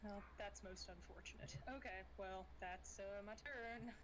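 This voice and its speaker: A woman playing in a tabletop game, soft-spoken and matter-of-fact. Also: mid-range voice, unhurried, noisy background. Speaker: player. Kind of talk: casual tabletop game chat.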